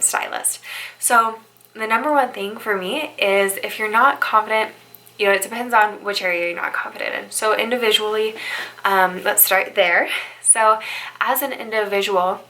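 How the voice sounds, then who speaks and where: Bright-voiced young woman, chatty pep talk vlog, keeps saying "right?". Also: mid-range voice, low-quality recording. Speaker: bridal stylist.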